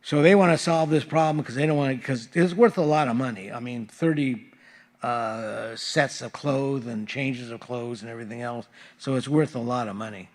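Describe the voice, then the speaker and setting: A man's voice: mid-range voice, moderate pace. Male pastor, mid-range voice, informal verse-by-verse sermon in a church. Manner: casual, conversational teaching with frequent fillers. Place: church sanctuary.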